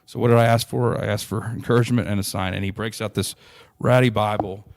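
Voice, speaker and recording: A man's voice: fairly low pitch, fairly even intonation, fast, creaky. A young adult man, earnestly telling a long personal story in a podcast interview, with frequent restarts. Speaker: interview guest.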